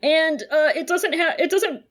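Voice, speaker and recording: A woman's voice: very high-pitched, a little slow. A woman talking casually as a podcast host, running through the plot of a book in a loose, wry way. She pads her sentences with little fillers and keeps a dry, joking edge. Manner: chatty, sardonic, lots of fillers. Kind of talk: casual chat recapping a novel.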